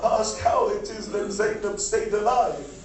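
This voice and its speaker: A man reciting a mourning sermon in short repeated lines that build into a shouted lament. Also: high voice, animated, a little slow. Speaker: majlis reciter. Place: large hall at a mourning gathering. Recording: echoey hall from far off with music.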